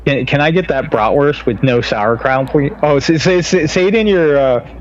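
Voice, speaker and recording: A man's voice: a little high, normal speed, a little hiss or hum. Guy hosting a food podcast, teasing, trips over his words, kinda muffled sound. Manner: teasing, stammering restarts. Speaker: podcast host. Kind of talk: casual chat. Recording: slightly dull lo-fi sound.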